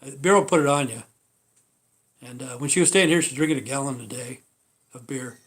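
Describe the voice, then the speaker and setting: A man's voice: medium pitch, fairly quick, fairly bright tone. Rambling, swearing man on a livestream. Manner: rambling and profane, many fillers. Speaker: livestream host. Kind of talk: casual livestream chat.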